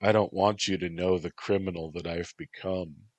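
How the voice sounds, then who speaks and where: A man's voice: sits low, fairly even intonation, normal speed, dry recording. Man reading as a sarcastic, guilt-ridden young man. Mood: remorseful. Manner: sarcastic, quietly remorseful.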